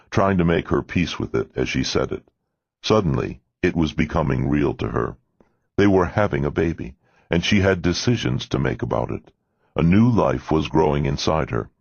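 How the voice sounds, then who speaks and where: A man narrating an audiobook in a measured, expressive reading. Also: very deep voice, vocal fry, breathy edge, dry recording. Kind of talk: scripted narration. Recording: dull lo-fi dry recording.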